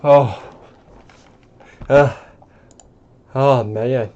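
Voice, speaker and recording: A man's voice: medium pitch, fairly even intonation, very slow, mellow. A man casually reading a screenplay aloud, with offhand asides and swearing, on a dull lo-fi recording. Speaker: channel host reading a screenplay. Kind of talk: casual comedic script read-through.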